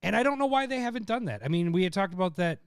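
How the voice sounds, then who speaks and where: A young man co-hosting a podcast, chatting casually and laughing between his points. His voice is smooth and slightly higher than most men's, and the sound is close and dry with no room around it. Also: expressive, rapid-fire, no room sound. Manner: laughs often, rambling and joking. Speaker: podcast co-host. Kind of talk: casual chat.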